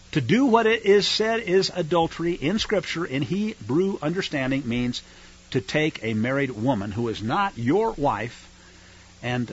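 A man's voice: a little high, slightly rough. A man teaching the Bible on the radio, reading scripture and breaking in with folksy, sarcastic asides. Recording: dull lo-fi radio broadcast.

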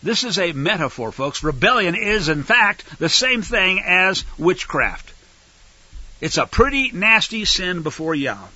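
High-voiced wry preacher. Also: male voice, big pitch swings, measured pace, sharp tone, dry recording. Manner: chatty, wry asides to the audience. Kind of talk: casual Bible teaching. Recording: dull lo-fi recording.

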